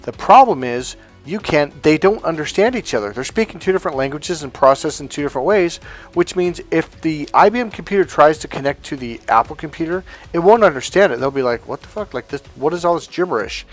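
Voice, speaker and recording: Man dating coach, lively pitch swings, brash and profane, quiet music underneath. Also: brisk. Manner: blunt, profane, emphatic, acts out quoted speech. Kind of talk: coaching monologue to men.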